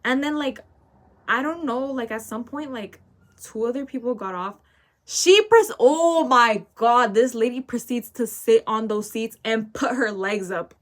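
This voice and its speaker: A woman's voice: fairly high pitch, animated, normal speed. A teenage girl telling a casual story while getting ready, ranting and full of fillers, often tagging lines with "okay?". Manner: ranting, filler-heavy, keeps asking "okay?". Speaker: vlogger.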